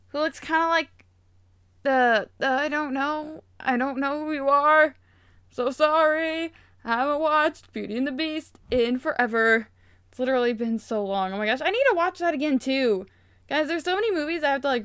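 A bubbly young woman with a high, bright voice chats through a toy unboxing, gushing and gasping with excitement. Her voice is recorded dry and close, with no room sound around it. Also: no room sound. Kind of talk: casual unboxing chat.

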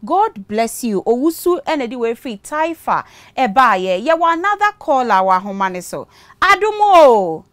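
Ghanaian female host, smooth voice, reads messages, blesses callers. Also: a little high, sing-song, moderate pace, fairly bright tone, no room sound. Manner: reads viewer messages aloud, blessing each sender. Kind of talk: church call-in show hosting.

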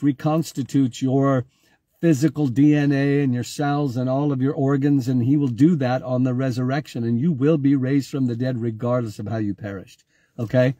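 Man, pastor, casual online sermon, talks to viewers by name, mellow, husky. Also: mid-range voice, dry recording. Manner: conversational, repeats himself, addresses viewers by name.

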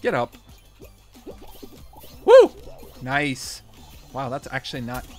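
A man with a bright, sharp voice, chattering through live gameplay commentary. He rambles with fillers and restarts and keeps breaking into excited yells. Soft game music plays behind him. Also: medium pitch, normal speed. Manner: excitable, bursts into shouts and laughter. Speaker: gaming streamer.

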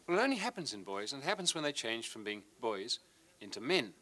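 A man's voice: medium pitch, fast talker. A middle-aged man presenting a science lesson, explaining and demonstrating with a model as he talks. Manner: lively, hands-on demonstrator.

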